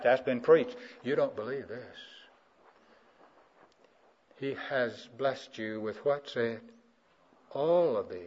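Preacher man from south carolina, goes quiet then booms up high, makes the crowd answer him, kinda muffled old tape. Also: slow pace, long pauses. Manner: call-and-response preaching, swings from low and quiet to loud and high. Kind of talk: sermon. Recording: muffled old sermon recording.

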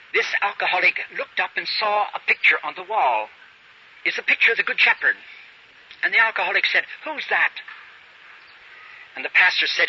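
A man's voice: fairly high pitch, sharp tone. A man preaching a sermon, telling a story and acting out the characters' dialogue, on a dull lo-fi recording with faint hiss.

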